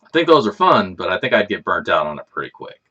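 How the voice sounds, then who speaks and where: A man's voice: low voice, very animated, quick pace, pushed and bright, dull audio. A man hosting a casual livestream, chatting in a rambling, laid-back way and swearing freely. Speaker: livestream host.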